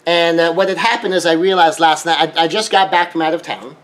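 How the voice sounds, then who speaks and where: Middle-aged guy chatting about relationships, kinda high voice, slips into little acted-out bits. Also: brisk, a bit bright. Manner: conversational, acts out quoted exchanges in a raised voice. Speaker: relationship teacher. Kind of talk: casual monologue.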